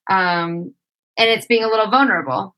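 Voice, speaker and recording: Bright-voiced woman musing on a podcast. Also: medium pitch, moderate pace, rough recording. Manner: reflective, frequent "like" and "you know". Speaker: podcast guest. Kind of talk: casual conversational interview.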